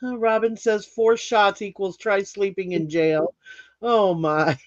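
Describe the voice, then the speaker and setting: A woman's voice: mid-range voice, steady tone, a little slow, no echo. A woman hosting a live craft stream, chatting casually, laughing often and rambling through restarts. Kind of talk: casual chat while reading comments. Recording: slightly muffled dry live stream audio.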